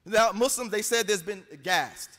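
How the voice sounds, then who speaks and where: A man's voice: sits high, normal speed, sharp tone. An American man giving an emphatic, argumentative debate speech, quoting scripture to press his case. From United States. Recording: long hall reverb.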